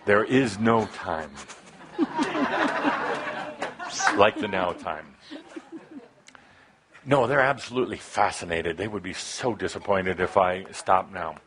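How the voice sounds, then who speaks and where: A man giving a channeled spiritual talk to a live audience, speaking in short broken phrases that swing from soft musing to emphatic, passionate urging. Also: low voice, takes it slowly, long pauses, crowd noise.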